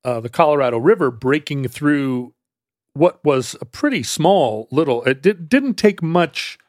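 A man in the middle of a relaxed podcast conversation, spinning out a history story at his own pace. He restarts sentences, fills pauses, and breaks into easy laughs. The recording is close and dry, with no room sound. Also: a little high, dry recording. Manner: rambling storyteller, frequent restarts and fillers, laughs easily. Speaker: podcast co-host explaining history. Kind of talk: casual conversational explanation.

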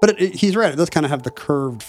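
A man co-hosting a podcast, riffing quickly and wryly in casual chat. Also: a little high, expressive. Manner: quick, wry, talkative riffing. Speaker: podcast co-host.

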